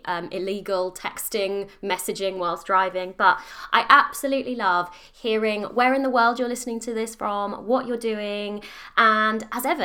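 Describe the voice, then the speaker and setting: Bright, chatty woman podcaster. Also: medium pitch. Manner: chatty and upbeat, acts out her own past thoughts. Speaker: podcast host. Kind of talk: casual solo podcast talk.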